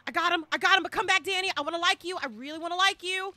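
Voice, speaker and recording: A woman streaming a horror game live, giving excitable commentary full of loud exclamations and repeated cheers. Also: very high-pitched, very fast.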